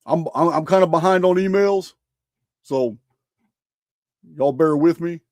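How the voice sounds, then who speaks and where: A man hosts a casual livestream, talking in bursts of excitement and tripping over his words as he goes. His voice sits a touch high for a man but sounds mellow and dark. The recording is dry and close. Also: measured pace, no room sound. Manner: excitable, stumbles and repeats words. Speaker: livestream host.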